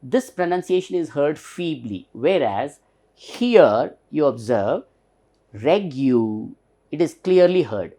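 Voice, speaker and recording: Indian English man, teacher; slow, lively pitch, spells out words and repeats them patiently. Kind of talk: recorded pronunciation lesson.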